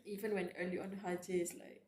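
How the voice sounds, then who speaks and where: A woman's voice: fairly low pitch, level tone, quick pace, mellow, echoey room, slight background noise. A woman streamer reading a story aloud live, tearful and reacting emotionally between read lines. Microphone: close desk mic.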